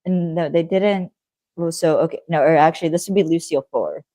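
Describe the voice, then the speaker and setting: A woman's voice: sits low, a little fast, mellow, no echo. Rambling woman podcast co-host, dry sound. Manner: rambling, heavy fillers, laughs easily. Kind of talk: casual chat.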